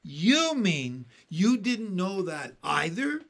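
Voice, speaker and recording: A rude, grinning centipede scoffs and teases in a loud, lively voice, as a man puts him on. The delivery is mocking and gravelly. It is a storybook voice. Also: fairly high pitch, moderate pace. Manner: scornful, teasing.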